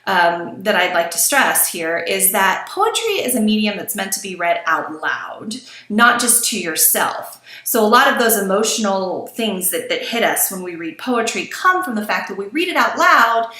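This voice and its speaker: A woman with a bright, clear voice teaches a recorded lesson in a casual, chatty way. She breaks off for self-deprecating asides and stumbles over her words now and then. The room gives her voice a noticeable echo. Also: mid-range voice, big pitch swings, moderate pace. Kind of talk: recorded lecture on poetry.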